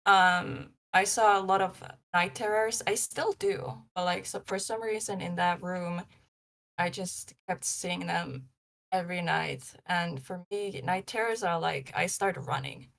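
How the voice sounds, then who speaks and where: Gravelly-voiced young woman, rambling storyteller. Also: fairly low pitch, unhurried, a bit bright. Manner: rambling, many likes and ums. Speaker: paranormal investigator guest. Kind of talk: casual live-show interview.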